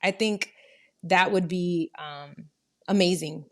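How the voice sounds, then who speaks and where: Woman, podcast guest, casual chat, earnest, rambling, slightly low. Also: takes it slowly. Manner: earnest, rambling, self-encouraging.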